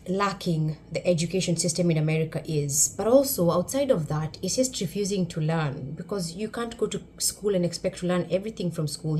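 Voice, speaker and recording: A woman from Kenya with a Kenyan accent, speaking a little low for a woman. She gives a sarcastic, emphatic commentary for her vlog. Faint background noise runs under her voice. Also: darkish tone. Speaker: YouTube commentator.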